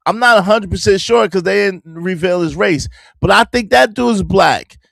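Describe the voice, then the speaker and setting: Male stream host, gravelly, dry close mic, teasing chat banter. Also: high voice, moderate pace, a bit bright, no echo. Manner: teasing, repeats phrases, talks back to chat. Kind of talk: casual live-stream commentary.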